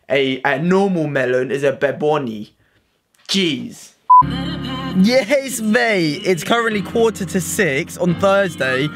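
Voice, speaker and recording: A young Englishman with an English accent vlogs casually to camera, slangy and sweary, adding "mate" to his sentences. His voice is a little high and slightly bright, and he goes from home to the car and then outdoors.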